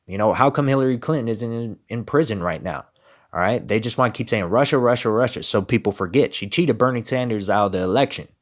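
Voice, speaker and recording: A man's voice: lowish voice, quick pace. A man giving emphatic political commentary and reading scripture, with repeated rhetorical questions. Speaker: religious commentator.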